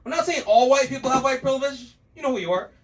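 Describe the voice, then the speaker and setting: A man's voice: extremely high pitch, animated, fast, distant mic, a little hiss or hum, rough recording. A man from the United States performing a stand-up comedy set on a club stage, telling loose, laughing stories with mocking put-on quotes.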